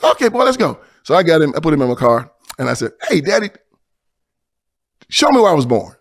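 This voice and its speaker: Man, passionate preacher-like guest, animated high-ish voice, swings loud to hushed. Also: fairly quick, gravelly. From Tennessee. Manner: impassioned, swings from loud emphasis to hushed storytelling. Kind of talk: preaching-style conversation.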